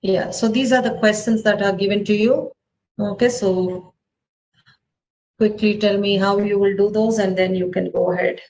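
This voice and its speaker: A woman teaching a math class online, talking in a brisk, directive way. Her voice sits at an ordinary middle pitch, with a faint hiss of noise behind it. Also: steady tone, a little mellow, rough recording. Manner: brisk, directive, checks on students.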